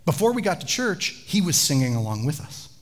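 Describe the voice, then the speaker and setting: Animated pastor preaching a sermon. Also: male voice, on the high side, a little fast. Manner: animated storytelling, chatty asides to the congregation.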